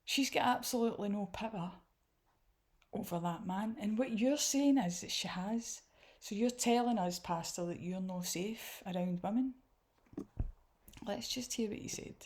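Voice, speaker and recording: A woman's voice: mid-range voice, unhurried, a little mellow. A Scottish woman giving candid, indignant reaction commentary.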